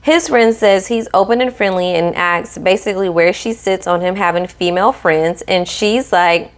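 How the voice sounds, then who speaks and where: A woman talks through a reality TV episode in a casual, sassy recap. She is animated and playful, and she often acts out the people on the show as she quotes them. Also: lowish voice, moderate pace, hardly any pauses. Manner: sassy, animated, quotes cast members in voices.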